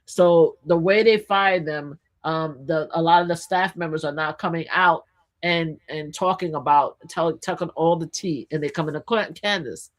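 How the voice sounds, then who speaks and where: A woman co-hosting a live news talk stream in casual chat, animated and excitable, often restarting her sentences. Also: low voice, normal speed. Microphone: streaming setup.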